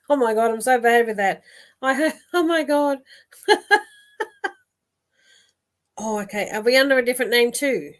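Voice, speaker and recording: A woman's voice: fairly high pitch, unhurried, pauses often. Woman, psychic host on a live stream; casual, giggly, rambling. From Australia. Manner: chatty, warm-hearted, laughs often, many fillers and restarts. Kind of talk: live-stream reading, chatting with viewers.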